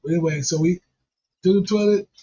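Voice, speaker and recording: A man's voice: sits high, brisk, mellow, husky. A man casually telling a profane, funny story and laughing along as he goes. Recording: dull lo-fi recording.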